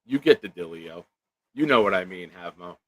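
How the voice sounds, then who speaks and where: A man's voice: deep voice, lively intonation, moderate pace, no room sound. A man hosting a casual live-stream chat, joking around and reading viewer comments aloud. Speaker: show host.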